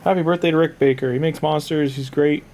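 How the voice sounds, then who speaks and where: A man's voice: on the high side, steady tone, quick pace, a little mellow. A Canadian man with a Canadian accent, casually chatting while playing a game, sleepy and rambling with lots of restarts. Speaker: game streamer. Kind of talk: casual gaming commentary.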